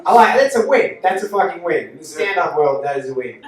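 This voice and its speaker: A man does stand-up, teasing the front row with brash, profane banter. His voice sits high and swings widely. The mic is far from him in a very echoey club with a lively crowd. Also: brisk. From Australia. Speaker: stand-up comedian. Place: live comedy venue.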